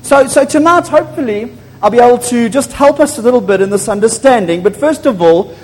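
A man preaching a sermon to a congregation in a church, excitable and prone to loud bursts, often asking the people questions. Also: extremely high pitch, a little fast. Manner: excitable, gets loud and apologizes for shouting; asks the congregation frequent questions. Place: church hall. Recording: long echo of a large hall.

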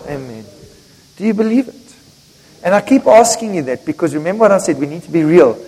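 An older man delivers a sermon in a high, lively voice. He jokes with his congregation and swings between loud emphasis and near-hushed lines. His voice rings with long reverb through the church hall. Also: brisk. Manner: emphatic preaching with sudden loud and quiet swings; jokes and talks directly to the congregation. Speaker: pastor.

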